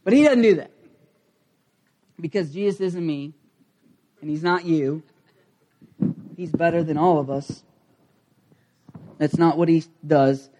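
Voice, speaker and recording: Middle-aged male pastor, dramatic sermon delivery, unhurried with loud bursts and hushed stretches. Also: on the high side. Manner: dramatic, swings from loud acted outbursts to quiet intensity.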